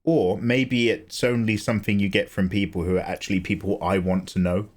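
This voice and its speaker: A man's voice: fairly low pitch, steady tone, fairly quick. An English man chatting casually on an art livestream, talking in a rambling, sweary, tangential way. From England.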